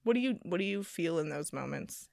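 A young woman co-hosting a casual chat podcast, chatty and teasing, quick to react to her friend. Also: fairly low pitch, animated, gravelly, darkish tone, no room sound, clean studio sound. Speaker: podcast co-host.

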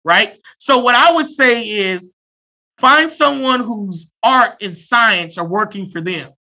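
A man in his thirties speaks as a therapist in a casual podcast chat, loud and abrasive with blunt humor. His voice sits fairly high for a man and sounds bright and forceful. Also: takes it slowly. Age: 30s.

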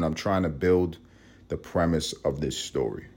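A man from Puerto Rico hosting a casual podcast monologue with a gravelly vocal fry, rambling and profane, jumping from loud outbursts to low mutters. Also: moderate pace, slight background noise. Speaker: podcast host.

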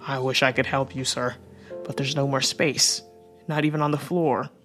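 A woman's voice: deep voice, lively intonation, measured pace, faint music behind. A woman voicing a weary, curt innkeeper. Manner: tired, curt. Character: weary middle-aged male innkeeper. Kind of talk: audiobook reading.

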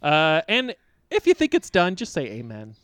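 A man's voice: on the high side, wildly swooping pitch, normal speed, fairly bright tone, no echo. Brief: man co-host, wildly swooping intonation, dry close sound, mock-formal announcer. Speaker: podcast co-host running segments. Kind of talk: casual comedic chat.

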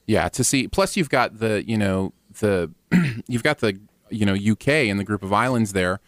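A man from the US co-hosting a casual interview, asking long, curious questions. His voice sits somewhat low for a man, and the recording is close and dry. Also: lively intonation, moderate pace, no echo. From United States. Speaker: co-host.

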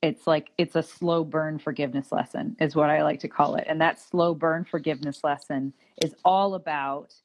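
A woman's voice: low voice, fairly even intonation, moderate pace, hardly any pauses. A woman co-hosting a podcast in casual chat, reflective and affirming. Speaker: podcast co-host.

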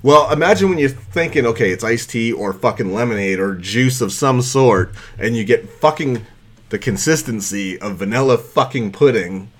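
A man co-hosting a podcast, telling rambling, profane stories in casual chat that get loud and animated at the punchlines. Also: mid-range voice, normal speed. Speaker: podcast co-host.

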